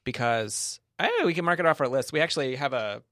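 A man's voice: medium pitch, fairly quick, fairly bright tone, no room sound. A man with a mid-range voice recounts a chaotic trip in casual conversation. He rambles, breaks off and restarts his sentences. The recording is dry and close. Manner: rambling, restarts often, laughs along. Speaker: guest telling a travel story. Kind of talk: casual chat.

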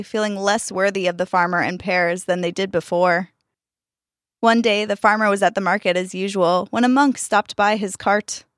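Woman storyteller, expressive scripted narration, dry close recording. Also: mid-range voice, no room sound. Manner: expressive, voices the characters.

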